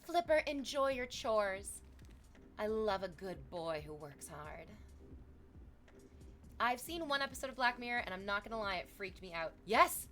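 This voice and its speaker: This young adult woman speaks at normal speed in a mid-range voice while livestreaming. She keeps things casual, reading viewer messages aloud in a lively way and thanking subscribers.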